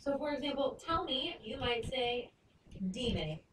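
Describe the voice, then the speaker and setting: A woman teaching a Spanish lesson, explaining patiently and slowing down to sound out words. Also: high voice. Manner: patient, clear, slows down to spell out Spanish words. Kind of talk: recorded lesson narration. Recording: echoey room, far mic, noisy.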